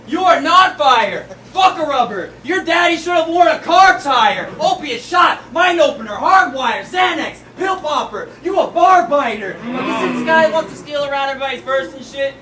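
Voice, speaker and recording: Mocking battle rapper from Canada, man, high voice, echoey hall, noisy crowd. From Chilliwack, Canada. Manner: brash, mocking, shouted bars. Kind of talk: rap battle verse. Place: live battle venue in front of a crowd. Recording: roomy venue, distant mic, crowd and noise.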